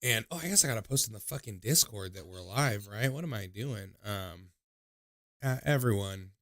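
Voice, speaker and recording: Casual storytelling comes from a young male livestream host who takes call-ins, rambling profanely with plenty of fillers and switching to high voices to imitate those he quotes. He is animated at a moderate pace with a slightly bright voice, in a dry, clean studio recording.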